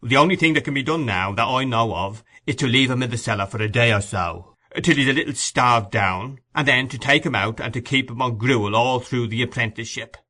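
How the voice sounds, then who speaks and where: A man's voice: mid-range voice, a little fast, few pauses, pushed and bright. A man reading aloud, voicing a pompous, bullying parish beadle who lectures with stern emphasis.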